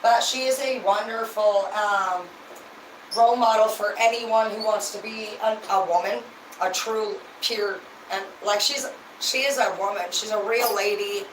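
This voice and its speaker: A woman's voice: mid-range voice, fairly even intonation, a little slow, a little hiss or hum. Tipsy woman, livestream chat, rambling and profane, roomy sound, distant mic. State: tipsy from drinking. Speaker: livestream host.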